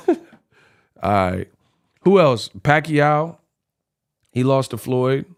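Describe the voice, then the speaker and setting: Slow-talking young male boxing vlogger. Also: medium pitch, lively intonation, clean tone. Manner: laughing, slangy, calls listeners bro and y'all. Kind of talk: casual commentary.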